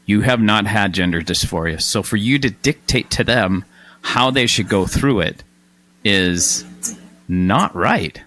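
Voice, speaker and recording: A man hosting a podcast in casual chat, animated and quick with self-deprecating asides. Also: fairly low pitch, a little hiss or hum. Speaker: podcast host.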